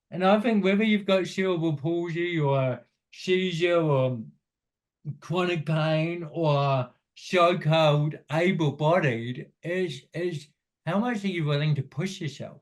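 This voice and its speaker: A man in a podcast conversation, a motivational speaker telling earnest stories and often quoting what others said to him. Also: fairly high pitch.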